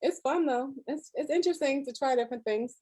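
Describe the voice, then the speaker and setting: A woman's voice: high voice, fairly quick, warm tone, dry recording. A woman guest chatting casually in an interview, telling stories and laughing often. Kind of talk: casual chat. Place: lives in Florida.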